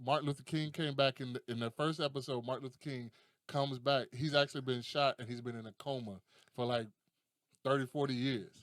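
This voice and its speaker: A young adult man hosting a casual podcast, telling stories in a profane, animated way and laughing often. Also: mid-range voice, no echo, clean studio sound. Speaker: podcast host.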